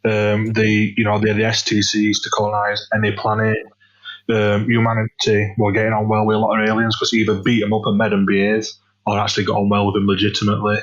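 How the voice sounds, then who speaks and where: A man's voice: lowish voice, monotone, fast talker. A man in casual podcast chat, explaining lore with lots of fillers, on a dull lo-fi mic. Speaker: podcast guest.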